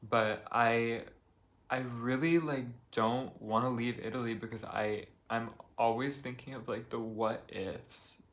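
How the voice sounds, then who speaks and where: A young man in his apartment, talking calmly and confessionally to camera in a soft, rambling way full of fillers. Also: medium pitch, unhurried. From United States. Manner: calm, soft-spoken, rambling with many fillers. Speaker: vlogger. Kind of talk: confessional vlog talk.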